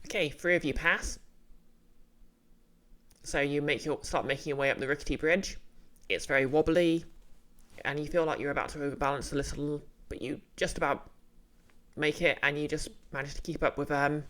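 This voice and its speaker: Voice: medium pitch, steady tone, fairly bright tone. Casual game master narrating a campaign. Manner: casual, halting, with fillers and laughs.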